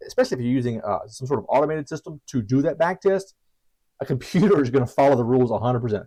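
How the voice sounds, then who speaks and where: A man's voice: mid-range voice, a little mellow, rough recording. A man teaching about trading strategies in a casual, chatty way, self-deprecating with frequent restarts and asides. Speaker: trading educator.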